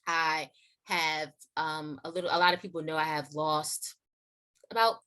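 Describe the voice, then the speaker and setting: A young woman hosting and telling a personal testimony in a casual, chatty way, full of "like" and "you know", acting out quoted lines in a high voice. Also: measured pace, smooth. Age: young adult. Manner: acts out quotes in a high excited voice. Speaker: host sharing her testimony.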